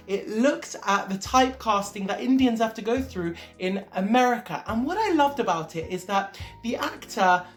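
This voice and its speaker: A young woman in a casual vlog, chatting straight to her viewers in a mid-pitched voice. She sounds chatty and emphatic and swears now and then. Faint music plays softly behind her. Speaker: actor and vlogger. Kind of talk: casual vlog talk to camera.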